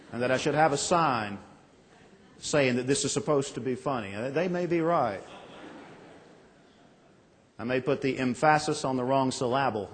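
A man's voice: mid-range voice, husky. A man in his forties, a pastor preaching a sermon, telling stories in a folksy, self-deprecating way. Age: 40s. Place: large church sanctuary. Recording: long reverb in a church.

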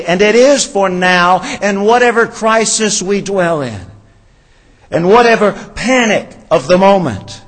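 A high-voiced man preaches slowly and deliberately, leaning on soft, low phrases for emphasis. His earnest sermon rings through a church with a long, lingering reverb.

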